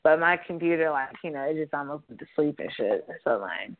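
Over a tinny, phone-like line, a young woman runs a casual call-in talk show from her apartment room. She speaks in a deep, animated voice, a little fast, and is blunt and profane, rambling and laughing throughout.

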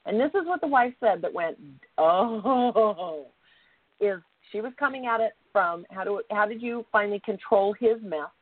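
A woman co-hosting a talk show, telling a story in a casual, animated way and acting out the people in it. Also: medium pitch, fairly quick, few pauses, dry recording. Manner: animated, acts out quoted voices. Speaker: co-host. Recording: tinny phone-like line.

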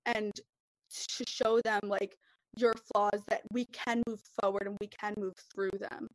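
A woman's voice: medium pitch, flat delivery, unhurried, dry recording, rough recording. A young woman in a podcast group discussion, talking earnestly and rambling with lots of fillers. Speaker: podcast participant.

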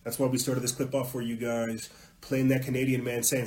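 A man's voice: medium pitch, normal speed, rough recording. Ranting male podcast host. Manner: heated, ranting, swings between muttering and loud emphasis; profane at peaks. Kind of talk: political podcast rant.

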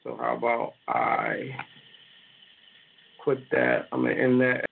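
Easygoing guy hosting a call-in show from home, husky voice, sounds like a phone line. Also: mid-range voice, big pitch swings, slow. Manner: loose, easygoing, talks to listeners directly. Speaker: host. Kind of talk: casual call-in show chat.

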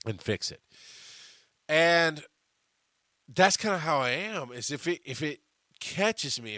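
A man's voice: mid-range voice, dry recording, clean studio sound. A man hosting a podcast, telling stories in a casual, profane monologue with lots of restarts. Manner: profane, animated storytelling with frequent restarts. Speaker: podcast host.

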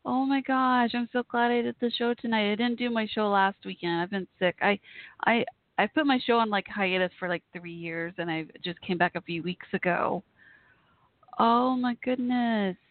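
Over a tinny, phone-like and dry line with no echo, a woman hosts a live internet radio show at normal speed in a mid-range voice. Her casual chat is gushing, emotional, and rambling.

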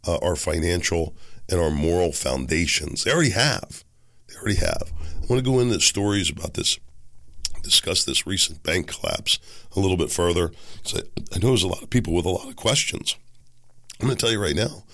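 A man hosting his own podcast, hoarse and raspy from a cold, giving emphatic commentary. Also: low voice, fairly bright tone, no room sound, clean studio sound. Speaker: podcast host.

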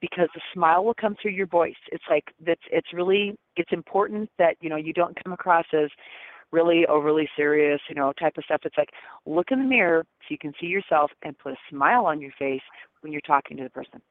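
A woman's voice: sits low, fairly quick, dry recording. A chatty woman psychic talks through a thin, tinny phone line. She laughs often and is full of fillers. The sound is dry and close, with no room in it. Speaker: psychic guest. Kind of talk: casual reading on a call-in show.

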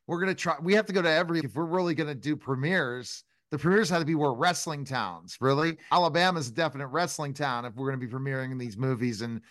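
A man hosting an interview show, his voice a little higher than most and recorded dry and close. He keeps things upbeat and brisk as he steers the conversation toward its end. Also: a bit bright, no echo. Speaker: host.

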